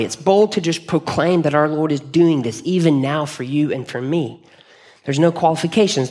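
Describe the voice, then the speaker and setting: Earnest man preaching a sermon. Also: on the high side. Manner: conversational, earnest, with frequent restarts. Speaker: pastor. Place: church hall.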